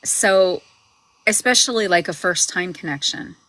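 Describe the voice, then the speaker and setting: A woman's voice: fairly low pitch, expressive, unhurried, a bit bright, dry recording, low-quality recording. A woman hosting a book club livestream, talking casually and rambling with many fillers and restarts.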